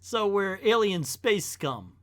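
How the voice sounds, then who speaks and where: Man, comic book reviewer, lively sing-song delivery, dry close mic; casual and joking. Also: high-pitched, slow, dry recording. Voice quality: chatty, wry asides.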